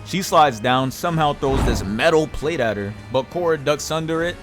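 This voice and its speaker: A man's voice: fairly high pitch, lively intonation, moderate pace, over loud music. A man hosting a reaction channel, narrating a fight recap as a voice-over in a slangy, joking play-by-play.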